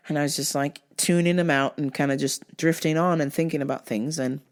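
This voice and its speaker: A young adult woman hosting a vlog, telling a story in a blunt, profane, animated way. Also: sits low, brisk, hardly any pauses. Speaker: vlog host. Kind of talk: casual storytelling monologue.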